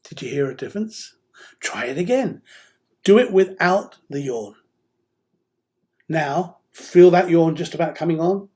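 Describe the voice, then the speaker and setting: A man's voice: a little high, animated, unhurried, pauses often, darkish tone. A man teaching singing, talking in a direct, encouraging way as he coaches the listener through voice drills. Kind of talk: instructional seminar talk.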